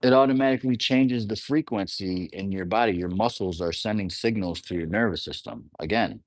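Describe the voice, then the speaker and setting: A man's voice: fairly low pitch, fairly quick, no room sound. Man talking astrology, loose and rambling. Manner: rambling, conversational, often asks "you know what I'm saying". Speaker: astrology teacher. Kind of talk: casual explanatory monologue.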